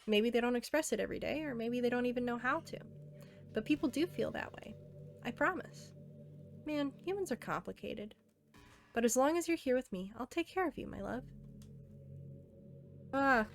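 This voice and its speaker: A woman reading aloud as a self-aware teenage game girl, earnest and intimate, softly pleading. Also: a little high, expressive, moderate pace, vocal fry, long pauses, soft background music. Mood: tender.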